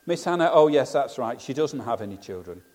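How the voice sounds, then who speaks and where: A sly, mock-sweet woman needles her rival in a mellow, soft-edged voice, as a preacher reads her lines. Every barb comes wrapped in false kindness. Her words ring out with a long reverb. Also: mid-range voice, very animated, fairly quick.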